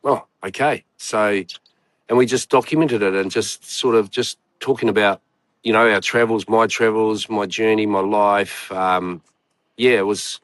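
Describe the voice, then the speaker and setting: A man's voice: fairly low pitch, fairly even intonation, a little slow, a bit bright, no echo. A man, a guest telling a long personal story in casual chat, rambling and swearing with many fillers. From New Zealand.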